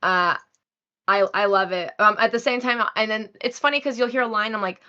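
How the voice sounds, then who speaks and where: A woman's voice: fairly high pitch, fast, bright, forceful tone, highs cut off. A woman voice actor talking casually in an interview, effusive and self-deprecating, often laughing. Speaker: voice actor guest.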